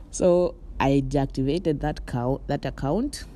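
Speaking slowly in an extremely low, mellow voice, a young woman from Morocco rambles through her solo podcast from bed, peppering her chat with "like," "you know," and soft laughs. Slight background noise is audible.

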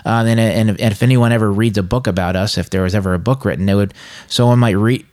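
A man's voice: on the low side, steady tone, quick pace, a little mellow. Earnest man in Bible chat. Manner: earnest, confessional. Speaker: podcast co-host. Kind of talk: casual Bible discussion.

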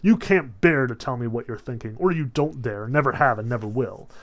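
A man voicing a jealous, sharp-tongued queen goddess, mocking and accusing, during a lecture. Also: medium pitch, big pitch swings, normal speed, natural voice. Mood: scornful.

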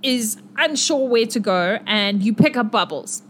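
A woman's voice: on the high side, expressive, measured pace, a little hiss or hum. A woman acting as game master, narrating a tabletop game in a chatty way with many fillers.

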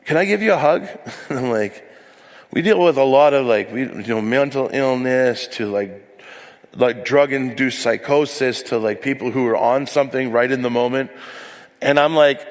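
A man's voice: mid-range voice, moderate pace, in a large hall. A man preaching as a pastor, telling candid, self-deprecating stories with frequent asides. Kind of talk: sermon. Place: church hall.

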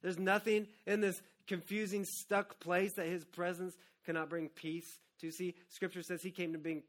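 A man in his thirties, a pastor preaching an earnest, personal sermon that swings from hushed to loud. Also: high-pitched, flat delivery, moderate pace.

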